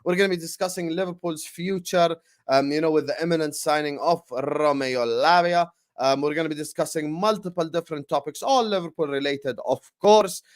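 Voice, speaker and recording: Upbeat male livestream host, slightly high. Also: fairly quick, few pauses. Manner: energetic, hype-style announcing with frequent fillers. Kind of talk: casual livestream chat.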